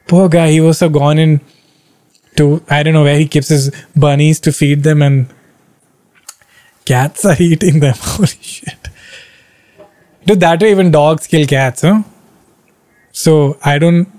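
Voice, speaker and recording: A young man talks in a slightly high voice, recorded dry and close with no room sound. He chats casually as a stand-up comedian answering viewer comments, animated and blunt, swearing freely and laughing often. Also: no room sound. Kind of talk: casual livestream chat.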